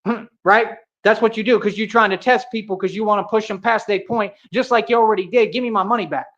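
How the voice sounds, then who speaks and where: A man's voice: high-pitched, steady tone, quick pace, a bit bright. A man on a livestream, ranting in a confrontational, boastful way, full of street slang and 'bro' and 'real talk'. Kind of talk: heated livestream rant. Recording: dull lo-fi stream audio.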